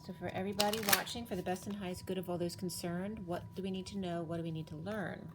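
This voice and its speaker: A woman doing a casual tarot card reading, chatty and thinking aloud with fillers and self-corrections, her voice a little hoarse. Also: fairly low pitch, steady tone, fast talker, very noisy. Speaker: tarot reader.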